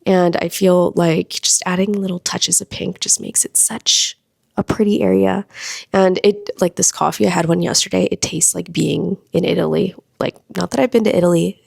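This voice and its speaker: A woman talks casually to her viewers as a lifestyle vlogger, gushing with frequent fillers. Her voice sits low and carries a gravelly, fry-tinged texture. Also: steady tone, normal speed. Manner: chatty, gushing, many likes and ums. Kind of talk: casual chat.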